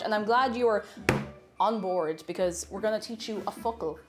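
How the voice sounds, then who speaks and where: Over music, an Irish-accented woman speaks at a moderate pace into a desk microphone, chatting playfully on her live stream and teaching an Irish word of the day. Every so often she bursts into high, excited greetings to the chat.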